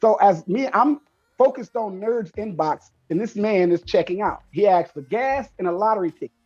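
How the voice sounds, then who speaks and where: A man telling a story in casual chat, animated and acting out the people in it. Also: sits high, moderate pace, muffled recording. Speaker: show co-host.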